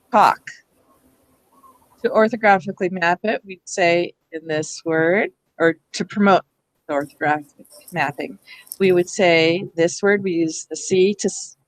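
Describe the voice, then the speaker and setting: A woman running a hands-on workshop for teachers, patient and explanatory, often pausing to check that the group follows. Her voice sits at an ordinary middle pitch. It is recorded close and dry in a school room. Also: no room sound, low-quality recording. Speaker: reading workshop presenter for teachers.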